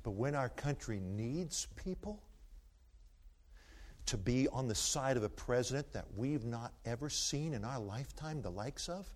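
An older man with a mid-range voice preaches a sermon, animated and joking as he tells stories and teases his listeners.

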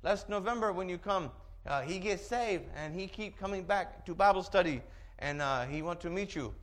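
Man doing an upbeat Filipino pastor, broken English, lifted pitch. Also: expressive, moderate pace, fairly bright tone. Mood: eager. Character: friendly Filipino male pastor, eager.

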